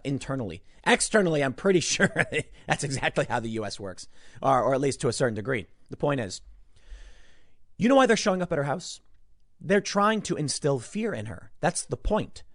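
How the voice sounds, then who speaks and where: A man's voice: mid-range voice, no echo, clean studio sound. A young man giving an emphatic opinion monologue as a political commentator, ranting and often repeating words.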